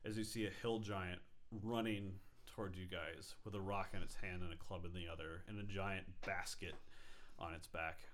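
Man narrating as a low-voiced game master. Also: level tone, a bit bright. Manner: halting, filler-heavy narration.

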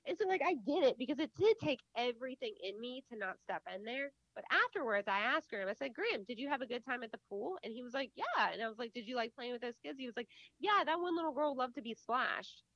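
A woman's voice: on the high side, fast, few pauses, no echo, muffled recording. A woman in her thirties co-hosting a casual podcast, telling stories and acting out what people said. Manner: animated storyteller, acts out quotes. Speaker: podcast co-host. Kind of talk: casual chat.

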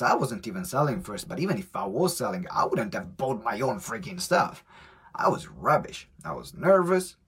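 Italian-accented male coach, husky voice, lively live-stream talk. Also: mid-range voice. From Italy. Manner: energetic, animated storytelling with acted-out quotes.

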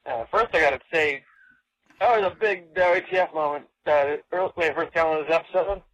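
High-voiced man leaving a voice message. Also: fairly bright tone, dry recording, poor audio. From California. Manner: casual, halting with fillers. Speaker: caller.

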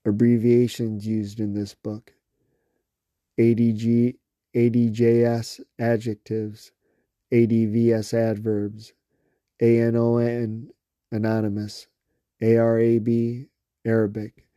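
A man slowly reading a long list of words aloud, one by one, with small slips and restarts. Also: medium pitch, monotone, warm tone, no echo, studio quality. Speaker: reader.

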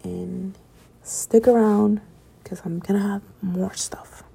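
A woman's voice: medium pitch, fairly even intonation, takes it slowly, gravelly, mellow, husky. A young woman casually encouraging her listeners, frank and profane, drifting at times into whispers. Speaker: vlogger. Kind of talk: casual motivational talk to listeners.

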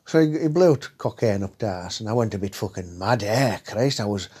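A man's voice: lowish voice, animated, a little fast, mellow, husky. A man telling a crude, rambling comic story, ending his lines with "eh?". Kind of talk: comic monologue.

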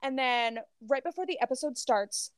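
Woman podcast co-host, high bright-sounding register, dry close sound, breathless gossipy storytelling. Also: moderate pace, dry recording. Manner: animated storytelling, heavy filler "like", swears freely. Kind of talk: casual gossip chat.

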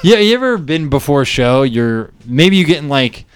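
A man's voice: fairly high pitch, very animated, normal speed, smooth. A man, a comedian co-hosting a podcast, telling rambling anecdotes in casual chat. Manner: rambling anecdotes with fillers and restarts.

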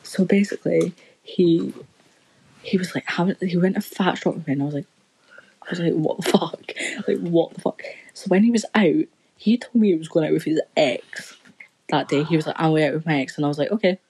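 Young woman, low voice, rambling sweary storytelling, casual podcast chat. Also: a little fast, dark tone, husky, low-quality recording.

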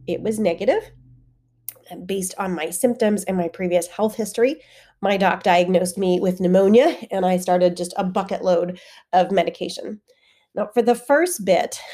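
A woman's voice: on the low side, mellow. A woman fitness coach hosting her own podcast, talking candidly in a conversational way while congested with a head-cold voice. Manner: candid, conversational, with frequent fillers. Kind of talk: solo podcast monologue.

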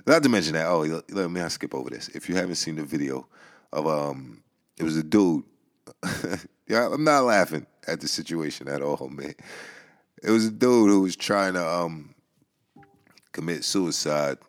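A man's voice: rumbling low, expressive, normal speed. A young man with a New York accent, hosting a casual podcast monologue in loose, profane storytelling style. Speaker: podcast host. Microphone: headphones and home mic.

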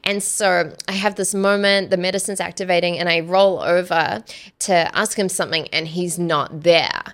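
Creaky-voiced woman telling a story. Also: fairly low pitch, moderate pace. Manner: animated, acts out quoted dialogue, laughs often. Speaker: podcast guest. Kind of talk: casual storytelling.

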